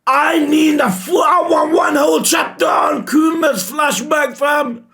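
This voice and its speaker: A man reacting live to a manga chapter, emotional and shouting, swearing often. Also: very high-pitched, fairly even intonation, unhurried. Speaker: reaction streamer.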